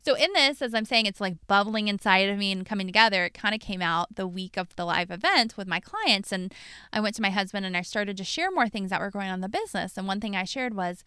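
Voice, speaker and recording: A woman's voice: medium pitch, lively intonation, quick pace, pushed and bright, smooth, no echo, studio quality. A woman hosting her podcast as a coach, telling a personal story in a candid, blunt, profane monologue.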